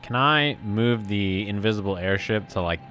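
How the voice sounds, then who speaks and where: Low bright-voiced casual man. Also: normal speed, faint music behind. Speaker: tabletop game player.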